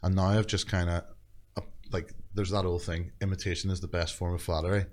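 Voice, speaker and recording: A man's voice: deep voice, little pitch movement, brisk. A man chatting as a podcast guest, rambling, swearing freely and laughing often. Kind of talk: casual chat.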